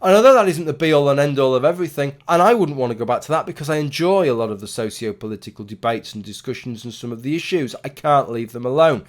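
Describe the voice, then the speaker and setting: A man's voice: medium pitch, expressive, fast, few pauses. A man in his thirties talking casually to camera in a rambling, opinionated way, with restarts and the odd swear word. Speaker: YouTuber. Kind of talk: casual talking-head commentary.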